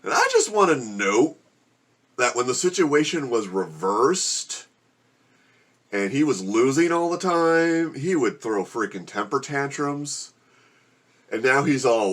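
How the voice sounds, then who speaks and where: A man's voice: mid-range voice, sing-song, takes it slowly, a bit bright. A man vlogging at home, groaning and complaining as he suffers through a very spicy meal. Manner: groaning and complaining while eating spicy food. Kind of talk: casual vlog to camera. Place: home room with a gecko habitat.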